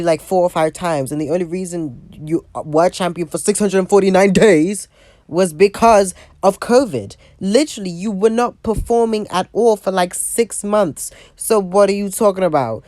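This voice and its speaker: A woman's voice: on the low side, moderate pace, warm tone, dry recording, studio quality. A woman giving a casual, profane rant review with a sassy, blunt manner. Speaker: wrestling show reviewer.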